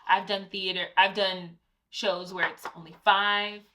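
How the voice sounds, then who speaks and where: Bright-voiced woman co-host chatting. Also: medium pitch, little pitch movement, unhurried, a little hiss or hum. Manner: conversational, advice-giving, personal anecdotes. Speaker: co-host, Broadway actor. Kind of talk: casual chat.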